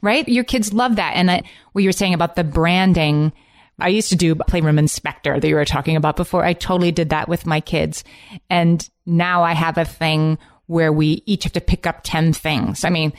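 A woman's voice: fairly low pitch, steady tone, fairly quick. A woman co-hosting a podcast in casual chat, upbeat and enthusiastic as she shares tips. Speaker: podcast co-host.

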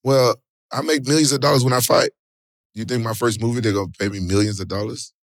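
A middle-aged man, an interview guest, telling stories in casual, slangy talk with animated exclamations. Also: medium pitch, fast talker, gravelly, no room sound, clean studio sound. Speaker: interview guest, former fighter and actor.

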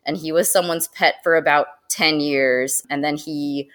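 A woman with a somewhat low voice chats as a podcast guest about her work in zoo education. She talks in an animated way, with fillers and frequent laughs. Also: unhurried. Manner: animated and chatty, laughs often, uses many fillers. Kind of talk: casual podcast interview.

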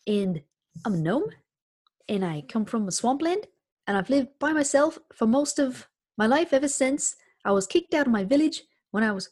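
A woman's voice: sits high, darkish tone, pitched above the performer's own voice. A woman doing a chirpy, upbeat gnome with a Kiwi lilt. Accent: New Zealand-like accent for the figure. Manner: sentences lilt upward at the end. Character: cheerful lonely male swamp gnome, optimistic.

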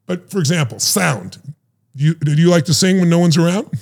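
A middle-aged man telling stories in an animated, emphatic way and acting out the voices he quotes. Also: on the high side, brisk, breathy edge. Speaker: guest, life strategist. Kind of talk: animated storytelling.

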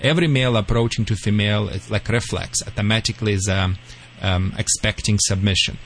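A man's voice: fairly low pitch, steady tone, brisk, a bit bright, slight background noise. A man with a Russian accent, a dog trainer co-hosting a radio talk show, playful and lecturing in broken English. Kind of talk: casual radio chat.

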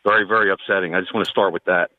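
Fast-talking male caller on a phone line. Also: low voice, fairly even intonation, dry recording. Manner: earnest, agreeing. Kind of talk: call-in radio conversation.

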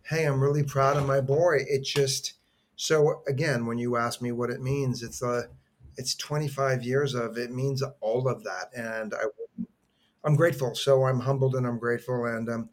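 A man's voice: medium pitch, fairly even intonation, moderate pace. A middle-aged man, an actor guest on a podcast, telling personal stories in an earnest, heartfelt way with many restarts. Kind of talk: conversational storytelling.

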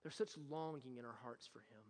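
A young man preaching a sermon as pastor, moving between quiet, personal storytelling and loud, impassioned exhortation. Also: medium pitch, a little fast, long reverb tail. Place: church sanctuary.

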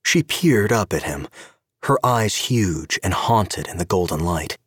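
A man giving an expressive scripted narration of an audio story. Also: sits low, unhurried, husky, dry recording, studio quality.

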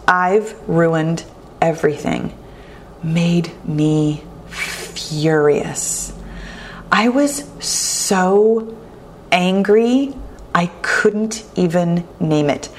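A woman hosting a solo talk, speaking earnestly and reflectively, slow and deliberate with lively asides. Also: on the low side, a little hiss or hum.

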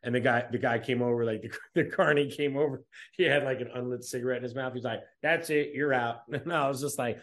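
A man's voice: mid-range voice, steady tone, fast talker, hardly any pauses. A man co-hosting a podcast over a video call, telling crude stories full of swearing and breaking into laughter. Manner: laughing, profane storytelling. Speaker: podcast co-host. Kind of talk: casual crude banter.

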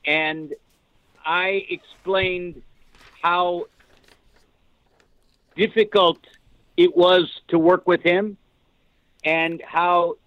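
An older man, a guest actor, telling rambling, animated stories with many restarts in a casual podcast chat. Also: sits high, extremely slow, pauses often, clean tone, no room sound. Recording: tinny phone-line audio, dry.

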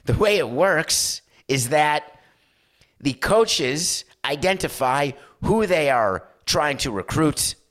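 A man's voice: fairly high pitch, slow pace. A man in his fifties hosting a sports talk show, delivering an opinionated, sarcastic monologue. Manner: animated, sarcastic, slips into mock voices.

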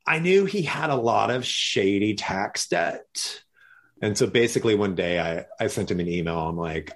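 A man's voice: lowish voice, moderate pace. A man telling a story in casual conversation, acting out the lines of other people as he goes. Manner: animated, acts out other people's lines in jumpy voices. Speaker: guest.

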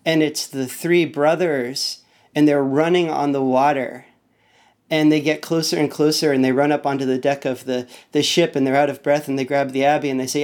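A man's voice: fairly high pitch, little pitch movement, moderate pace, darkish tone, clear, resonant tone. A man who is a podcast guest, retelling a story in a rambling, hesitant way with many restarts. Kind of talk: casual conversation, retelling a story.

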